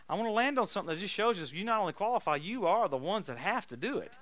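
A male preacher delivering a sermon full of healing stories, telling them with laughter and sudden loud bursts of emphasis. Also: high voice, lively intonation, very fast, dry recording.

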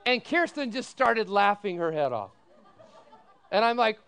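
A middle-aged man giving a sermon as pastor, telling folksy stories with animated quoted voices and asking the congregation "amen?". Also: very high-pitched, unhurried, clean tone, some chatter behind.

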